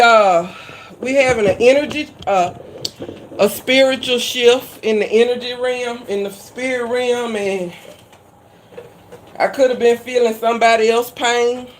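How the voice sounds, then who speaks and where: A woman talks to her live-stream viewers in an easy, chatty way. Her speech is folksy and full of Southern slang. She sounds relaxed and conversational. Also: fairly high pitch, slight background noise. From Louisiana. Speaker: cooking channel host.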